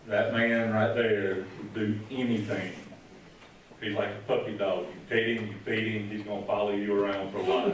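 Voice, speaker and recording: Speaking a little slowly with long pauses and little pitch movement, a lowish-voiced middle-aged man delivers a rambling, folksy story. He's a retired police officer paying tribute at a retirement ceremony in a large, echoey room, far from the mic, with slight background noise.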